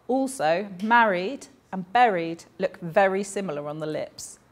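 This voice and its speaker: A woman's voice: medium pitch, animated, a little slow. A woman, voicing a deaf speaker's personal stories aloud in a chatty, anecdotal way, with small self-corrections along the way.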